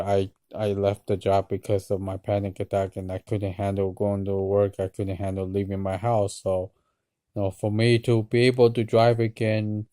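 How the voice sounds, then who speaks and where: Vlogger guy, low flat smooth voice, tired and halting, dry sound. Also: no room sound. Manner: hesitant, many ums and restarts, soft-spoken. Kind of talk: casual personal vlog.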